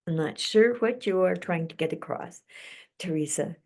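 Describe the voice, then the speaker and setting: A middle-aged woman hosting a live-streamed psychic channeling session, speaking slowly and soothingly and drifting into soft whispers. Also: on the low side.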